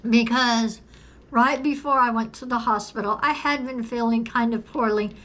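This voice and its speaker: A woman speaks straight to her viewers, telling her story slowly and earnestly. Her voice sits a little high and sounds bright and clear. She leans on repeated phrases for emphasis, with a cough now and then. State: coughing at times. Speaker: video creator sharing a personal story. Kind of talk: personal testimony to camera.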